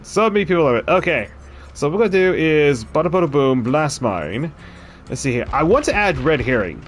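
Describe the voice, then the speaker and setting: A man's voice: a little high, sing-song, a little fast, slight background noise. A man streaming a game, chatting casually and thinking aloud about his choices between frequent laughs. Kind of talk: casual gameplay commentary.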